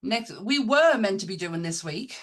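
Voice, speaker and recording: A woman's voice: mid-range voice, expressive, normal speed, fairly bright tone. Chatty woman with a northeast English accent. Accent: Sunderland, northeast England. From Sunderland, England. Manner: chatty, wraps up the episode. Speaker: podcast host. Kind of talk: casual interview chat.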